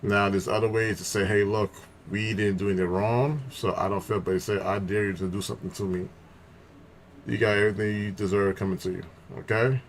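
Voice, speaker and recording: A low-voiced man comments bluntly, reacting to clips. His interjections are emphatic, and there is a faint hum in the background. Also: fairly even intonation, brisk. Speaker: reaction video host. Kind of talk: casual commentary.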